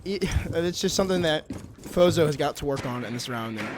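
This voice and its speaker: A man giving analytical color commentary on an esports match in a relaxed way. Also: on the high side, a little fast, background noise.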